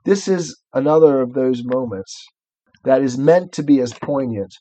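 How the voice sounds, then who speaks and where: A man's voice: medium pitch, moderate pace, mellow, dry recording. A man co-hosting a podcast, talking through a book in an earnest, reflective, professorial way. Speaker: podcast co-host. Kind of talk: casual book discussion and reading aloud.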